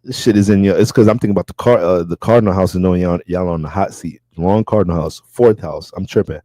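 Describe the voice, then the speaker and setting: Man, astrologer, casual reading, low mellow voice, profane, loose, dry close sound. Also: quick pace, no echo.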